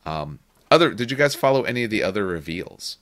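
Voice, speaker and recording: Deep-voiced man in opinionated chat. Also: very animated, a little fast, fairly bright tone, dry recording. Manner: opinionated, rambling with restarts. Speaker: podcast host. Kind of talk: casual gaming chat.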